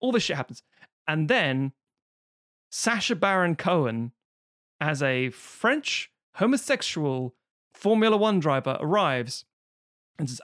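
A man in casual film review chat who swears freely and jumps into sudden high voices to act out quotes. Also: sing-song, measured pace, fairly bright tone, no echo, studio quality.

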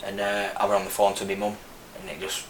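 A man's voice: lowish voice, monotone, fast. A man in his thirties with a Lancashire accent, an army veteran guest telling his story frankly, rambling with many restarts. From Burnley, northern England. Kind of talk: casual interview. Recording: echoey room with faint noise.

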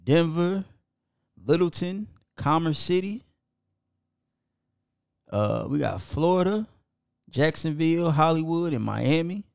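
A man's voice: on the high side, lively intonation, takes it slowly, vocal fry, long pauses, smooth, no room sound, studio quality. A man co-hosting a podcast, casually reading out listener locations and apologizing when he stumbles over foreign names. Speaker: podcast co-host.

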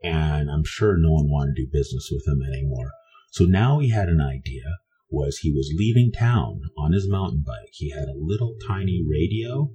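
A man's voice: a bass voice, lively intonation, moderate pace, dark tone. A man from Canada telling a personal story in a meandering, conversational way, often restarting his sentences.

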